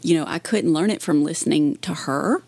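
Low, gravelly-voiced woman comedian. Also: normal speed, darkish tone, dry recording. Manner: chatty, laughing storyteller. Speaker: comedian guest. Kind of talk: casual interview chat.

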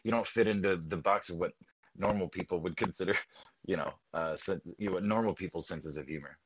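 A man's voice: low-pitched, fairly quick, no echo, poor audio. A man rambling in casual podcast chat, swearing often and restarting his sentences.

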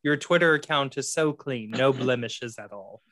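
A man's voice: mid-range voice, normal speed, fairly bright tone, no room sound, clean studio sound. A man hosting a casual podcast chat, playful and camp, often laughing. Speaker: podcast host.

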